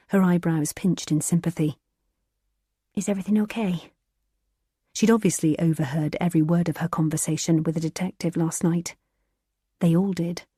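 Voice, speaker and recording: A woman narrating a thriller audiobook in a measured, even storytelling manner. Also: deep voice, breathy edge, no echo, clean studio sound.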